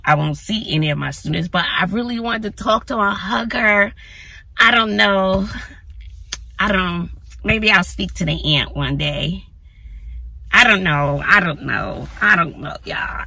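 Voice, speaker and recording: A woman vlogging casually to her phone from her car, chatty and animated, talking to viewers as y'all. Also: fairly low pitch, husky, no echo. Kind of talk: casual vlog talk to camera. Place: in or near her car outdoors in sun.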